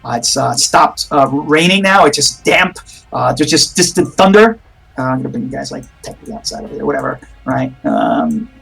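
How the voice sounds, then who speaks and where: A man's voice: fairly high pitch, vocal fry, fairly bright tone, rough recording. A man running a tabletop horror game as game master, narrating in a rambling way with many restarts.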